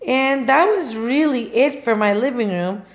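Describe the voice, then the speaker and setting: A woman's voice: fairly high pitch, animated, a little slow. A woman with a slightly raised voice, chatting through a home tour vlog. She gushes and sounds sentimental and affectionate. She is indoors at home, talking into a handheld camera. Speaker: home decor vlogger. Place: inside her own home. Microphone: handheld camera she turns around to film.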